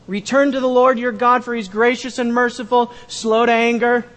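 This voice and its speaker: A pastor preaching a sermon, repeating key phrases and swinging from loud emphasis to a hushed tone. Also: male voice, very high voice, level tone, normal speed, in a large hall.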